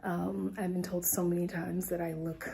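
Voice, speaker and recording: Brief: American woman, young adult, travel vlogger, low and gravelly, casual upbeat chat. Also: little pitch movement, moderate pace. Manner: chatty, upbeat, often drops to a soft whisper. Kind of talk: casual vlog talk to camera.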